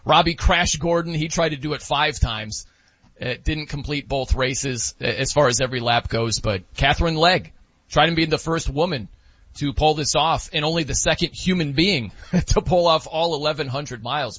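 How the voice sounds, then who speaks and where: A man co-hosting a casual sports talk show, animated and laughing as he talks. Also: on the high side, moderate pace, slightly rough, no room sound. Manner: animated, laughing, mimics wrestling announcers. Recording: dull lo-fi dry sound.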